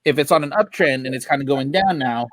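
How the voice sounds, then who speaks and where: A man's voice: mid-range voice, fast talker, dry recording. A man co-hosting a casual trading podcast, chatty and jokey, laughing often. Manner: animated, laughs a lot, jokey. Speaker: podcast co-host. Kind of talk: casual chat.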